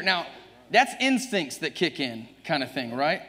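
Southern male pastor, bright raised voice, preaching with emphasis and chuckles, church livestream with long reverb. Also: a little high, big pitch swings, unhurried, slightly rough. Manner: emphatic, joking with the congregation, chuckling often. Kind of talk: sermon. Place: church sanctuary.

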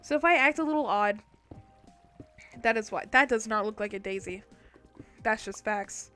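A sleep-deprived woman streaming a game, chatting casually and breaking into loud startled yelps. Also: mid-range voice, moderate pace, pauses often, soft background music. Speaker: gaming streamer. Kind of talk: casual livestream chat.

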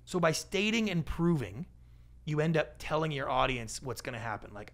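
A man being interviewed on a podcast, an animated storyteller who acts out the voices of the people he quotes. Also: a little high, fairly quick. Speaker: guest, pitch expert and TV producer.

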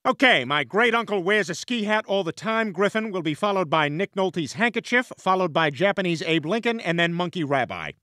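Cast a blustering cartoon dad, high and bright with wild swings, stammering. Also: male voice, lively intonation, fairly quick, few pauses, dry recording, studio quality. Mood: baffled. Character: loud goofy middle-aged family man. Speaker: director on set. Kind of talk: cartoon voice acting.

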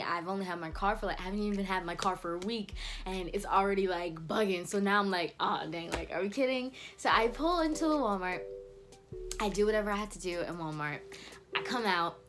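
Chatty teenage girl telling a story. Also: on the low side. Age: teens. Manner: chatty, fills every phrase with "like", laughs often. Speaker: vlogger. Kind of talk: casual storytime.

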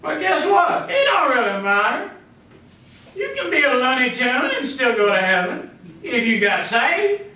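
A Texan pastor delivers a folksy sermon in a high, bright voice and jumps into little acted voices of panicked and hopeful people. The sound is very echoey and comes from a good way off the mic, as if recorded across a church sanctuary, with a faint hiss behind him. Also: male voice, huge pitch swings, unhurried, far from the mic. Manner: folksy preaching, acts out voices of the congregation.

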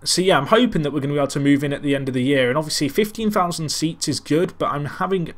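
Here the man's voice sits fairly high, and he talks fast. In this casual Let's Play, the gaming commentator calls his football management match commentator-style, wandering off on tangents and running himself down.

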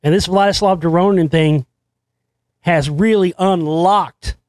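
Guy ranting on his own show, keeps restarting sentences, cusses, kinda high voice, dry sound. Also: unhurried, no room sound. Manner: rambling, excitable, swears, many restarts. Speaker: show host. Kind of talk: conspiracy commentary monologue.

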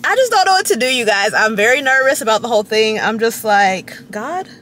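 A young woman chatting to camera from her parked car, rambling and giggly with dramatic high squeals. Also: animated, brisk, fairly bright tone, slight background noise. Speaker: vlogger. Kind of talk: casual chat to camera.

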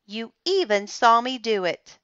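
An excitable young boy who shouts out his triumph, played by a woman reading aloud. The voice jumps well above the reader's own, loud and bright. The recording is dry and a little muffled. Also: a little high, unhurried, dry recording, pitched above the performer's own voice. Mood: eager. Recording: slightly dull, muffled recording.

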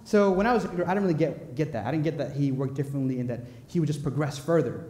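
A young man preaching a sermon in a church, telling personal stories in a playful, animated way with quick asides. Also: fairly high pitch. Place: church sanctuary. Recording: echoey church hall.

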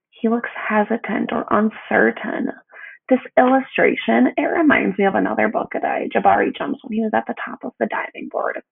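A young adult woman teacher leading a read-aloud lesson for young children, speaking slowly and pronouncing every word clearly. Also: on the high side. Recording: tinny phone-like audio.

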